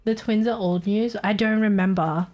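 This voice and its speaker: A woman's voice: mid-range voice, steady tone, moderate pace, a little mellow, faint music behind. A young Australian woman chatting casually on a live stream, laughing often and poking fun at accents. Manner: giggly, chatty, mocks accents.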